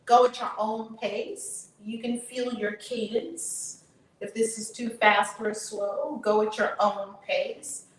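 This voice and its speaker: A woman hosting her channel, leading a guided tapping session with slow, drawn-out chanted affirmations that turn breathy and emphatic. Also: fairly high pitch, flat delivery. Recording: echoey room, distant mic, faint noise.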